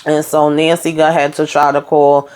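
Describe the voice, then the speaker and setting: A woman's voice: low-pitched, flat delivery, normal speed, a little mellow, clear, resonant tone. A woman casually recapping a TV episode, chatty and profane, with lots of fillers. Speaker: TV show reviewer.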